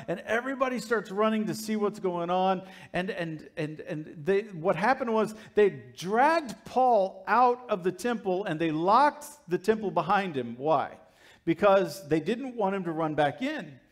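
High-voiced male pastor, lively storyteller. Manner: storytelling, acting out the crowd and characters in quick asides; swings from loud emphasis to quiet low asides. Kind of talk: sermon.

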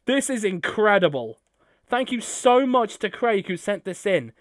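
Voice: mid-range voice, very animated, moderate pace, dry recording, clean studio sound. A YouTuber talking casually to camera, gushing and effusive with thanks. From United Kingdom. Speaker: YouTuber opening fan mail. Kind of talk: casual vlog talk to camera.

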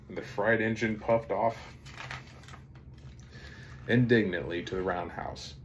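A father reading a picture book aloud to his child, gentle and expressive. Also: deep voice, unhurried, long pauses, slight background noise. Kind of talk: reading a bedtime story aloud.

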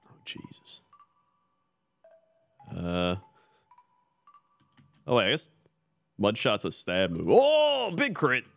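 A man's voice: sits low, sing-song, slow pace, pauses often, a bit bright. A male streamer giving laid-back, wry live commentary on his own game play.

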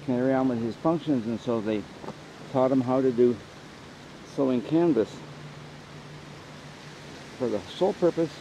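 A man casually narrating to a camera outdoors in the woods, chatty and unhurried as he sets up his gear. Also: medium pitch. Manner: chatty, unhurried, talks to camera while working. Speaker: outdoor vlogger. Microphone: camera mic on a small tripod. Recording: dull lo-fi outdoor recording with clear background noise.

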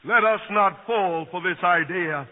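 A man preaching a sermon, swinging from hushed, quiet passages to shouted peaks. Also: high-pitched, a little slow. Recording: tinny lo-fi recording in an echoing hall.

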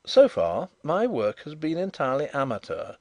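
Guy doing a smooth confident gentleman sleuth, expressive, dry sound. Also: fairly high pitch, no echo. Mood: assured. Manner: assured, measured, dryly courteous. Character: calm, shrewd, good-humoured gentleman detective.

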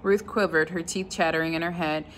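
A woman reading a novel chapter aloud at an unhurried pace, now and then stopping to comment on the story. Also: low voice, fairly even intonation, slight background noise, poor audio. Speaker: reader.

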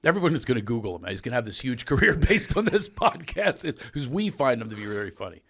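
A man hosting a podcast as a comedian, telling a story in an animated, laughing way. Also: mid-range voice, fast, vocal fry, noisy background. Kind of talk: casual storytelling chat.

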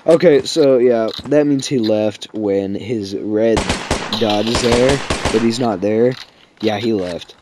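A man's voice: on the low side, slow, heavy background noise. A man giving casual, sardonic commentary over his own gameplay footage, swearing freely and sounding a little sick. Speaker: gaming commentator. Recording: game gunfire behind voice.

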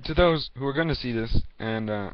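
A man's voice: mid-range voice, noisy background. Rambling teenage boy on a lo-fi vlog. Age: teens. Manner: rambling, halting, many fillers and restarts. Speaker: video reviewer. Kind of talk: casual vlog talk to camera. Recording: dull lo-fi home recording.

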